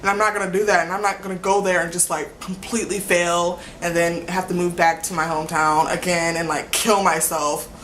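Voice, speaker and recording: A woman's voice: on the low side, flat delivery, fairly quick, few pauses, a bit bright, a little hiss or hum. A young woman rambling casually in a vlog, filling nearly every phrase with "like" and laughing between sentences. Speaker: vlogger.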